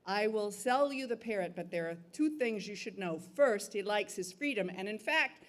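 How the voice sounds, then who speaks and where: A woman's voice: mid-range voice, animated, normal speed, lightly acted. A woman voicing an honest, resigned poor farmer giving a plain warning. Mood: earnest.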